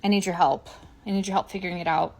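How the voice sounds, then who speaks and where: A woman in a sarcastic comedic monologue, swinging between whispered asides and loud exasperated outbursts. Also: on the low side, steady tone, quick pace. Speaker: content creator.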